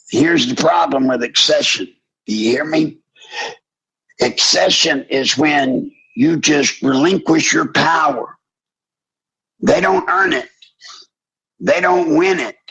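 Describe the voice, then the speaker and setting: An older man hosting a call-in radio show, preaching with fiery passion and rising to shouts. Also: fairly high pitch, breathy edge. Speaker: radio talk show host. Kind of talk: impassioned call-in radio talk. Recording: dull lo-fi broadcast audio.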